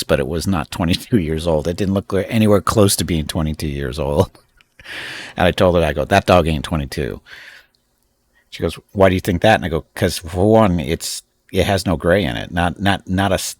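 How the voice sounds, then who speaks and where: Gravelly, very deep-voiced man chatting. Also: expressive, a little fast. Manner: rambling, chatty, laughs often. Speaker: streamer host. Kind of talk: casual live-stream chat.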